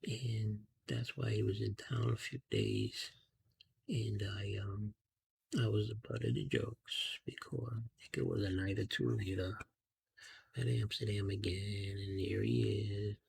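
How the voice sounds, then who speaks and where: Gravelly, husky man in ASMR storytelling. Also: fairly low pitch, steady tone, measured pace. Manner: soft, half-whispered rambling anecdote; casual, with slang and fillers. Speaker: ASMR channel host. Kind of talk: ASMR storytelling while coloring.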